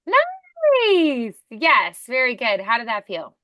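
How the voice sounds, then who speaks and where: A woman's voice: medium pitch, lively intonation, normal speed, pushed and bright. A woman coaching a voice acting lesson, chatty and encouraging as she gives feedback.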